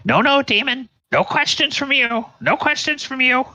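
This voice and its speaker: A man voicing three panicky women who shout at a supposed demon in shrill, repetitive bursts. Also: normal speed, dry recording, heavily acted. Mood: frantic. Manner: shrill, frantic, repeating themselves.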